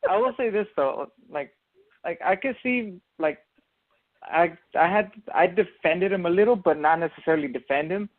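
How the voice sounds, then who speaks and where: On a casual sports podcast, this co-host's high, animated voice moves at a moderate pace as he lays out his take in a long, filler-heavy ramble full of restarts. The sound is tinny and phone-like.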